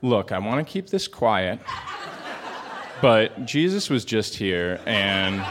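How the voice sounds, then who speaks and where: A man telling a comic story at a storytelling show, earnest and hesitant, with a halting delivery. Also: on the low side, sing-song, fairly bright tone. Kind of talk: deadpan comic monologue. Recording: hall reverb, faint noise.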